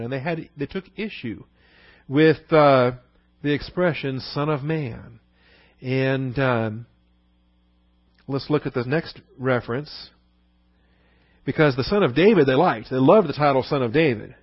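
A man delivers a sermon in a conversational preaching manner and keeps asking rhetorical questions. His voice sits at a middle pitch. The recording is dry and a little dull. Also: a little slow, pauses often, no echo. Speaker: pastor.

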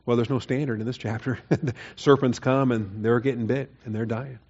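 A man's voice: mid-range voice, fairly even intonation, moderate pace, darkish tone, breathy edge, highs cut off. Man preaching a conversational sermon. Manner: conversational, rising to emphatic mock-quoting. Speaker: pastor. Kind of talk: expository sermon.

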